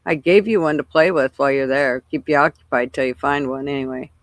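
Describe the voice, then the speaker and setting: A woman's voice: very deep voice, steady tone, fairly quick, no room sound. Older woman, livestream host, casual rambling chat, cusses, dry close mic. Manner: chatty, swears freely, greets viewers by name.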